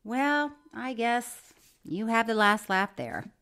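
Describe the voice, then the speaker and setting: A woman's voice: on the high side, big pitch swings, takes it slowly, fairly bright tone, clear, resonant tone. A woman co-hosting a casual podcast, playfully reading listener letters aloud. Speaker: podcast co-host.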